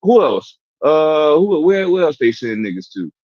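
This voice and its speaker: A man in a casual podcast debate, talking in halting bursts with many restarts and fillers. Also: on the high side, very animated, dry recording, highs cut off. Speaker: podcast panelist.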